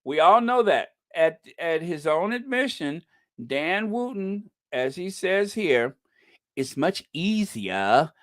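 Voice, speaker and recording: A man's voice: high voice, lively intonation, slow, no room sound, clean studio sound. A man hosting a casual commentary channel, reacting to news and posts in a gossipy, incredulous way and chuckling often.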